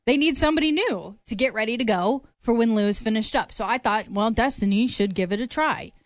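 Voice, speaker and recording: Playful female radio host, slightly high voice, dry studio sound. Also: a little fast, no room sound. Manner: teasing, playful. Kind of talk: casual radio banter.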